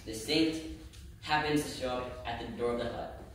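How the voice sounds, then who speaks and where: A young man tells a story to a live crowd at a student event, speaking at an ordinary pitch in a loose, chatty way. He keeps checking in with "right?" and stumbles into restarts. The sound is heavily echoey, caught from a mic well away from him, with a clear layer of noise underneath. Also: fairly even intonation, normal speed. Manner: chatty, tags lines with "right?", frequent restarts. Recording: echoey room, distant mic, background noise.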